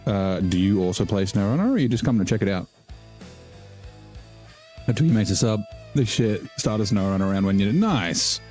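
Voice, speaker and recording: A man's voice: on the low side, lively intonation, fairly quick, long pauses, a little mellow, soft background music. A man casually commenting while he live-streams a game, rambling and joking with his viewers. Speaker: gaming streamer.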